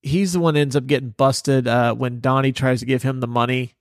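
A man's voice: medium pitch, steady tone, fairly quick, dry recording, studio quality. A man hosting a podcast, chatting loosely about a film with many fillers and casual swearing. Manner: loose, filler-heavy, profane. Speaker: podcast host. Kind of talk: casual movie review chat.

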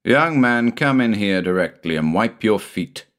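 A man's voice: on the low side, animated. A man doing a stern, teasing country doctor. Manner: brisk, scolding, gently teasing. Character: stern but kindly country doctor father.

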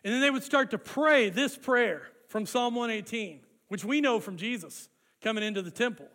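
A man's voice: very high voice, normal speed. A man preaching a sermon, walking his congregation through an old festival ritual and leading them in responses. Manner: animated, leads congregation in call-and-response. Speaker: pastor.

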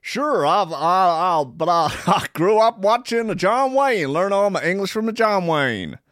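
A man putting on the voice of a boastful Dutch man, loud, hearty and self-satisfied. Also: sits high, very animated, a little slow, no room sound, clean studio sound, voice pushed up, heavily acted. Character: boastful Dutch man proud of his hometown.

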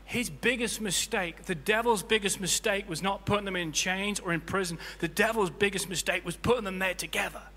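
A male pastor delivers an impassioned sermon in a high, very bright voice. He swings from loud, soaring peaks down to hushed, low stretches. The sound carries a long hall reverb with faint music beneath. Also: a little fast, hardly any pauses. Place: church hall.

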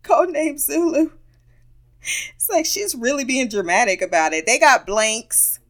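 A woman's voice: on the high side, very animated, normal speed, a bit bright. A woman giving a casual, playful recap of a cartoon episode, amused as she retells the scenes. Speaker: show reviewer.

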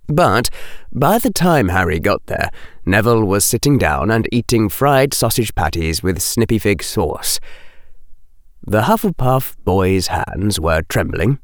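A man reading a novel aloud as scripted narration, measured and expressive. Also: fairly low pitch, no room sound, studio quality. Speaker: audiobook reader.

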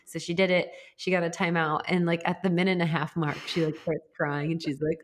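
A woman's voice: sits low, fairly even intonation, very fast, few pauses. A woman and mother chatting casually, telling a long, earnest story in a reflective, rambling way. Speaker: podcast co-host and mother. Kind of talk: casual chat.

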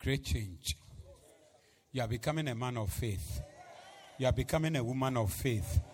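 A man preaching a sermon, swinging from hushed asides to loud, chanted, repeated declarations. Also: mid-range voice, animated, moderate pace.

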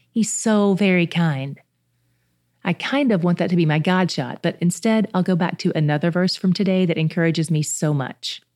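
A woman hosts a devotional Bible recap podcast in a fairly low voice. She teaches earnestly and emphatically, slowing down to lean into the phrases that matter. Soft music plays faintly underneath. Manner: slows down to stress key phrases.

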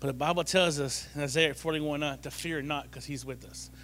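A middle-aged man tells a lively personal testimony, repeating phrases for comic effect. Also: fairly high pitch, fairly quick. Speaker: church member giving testimony.

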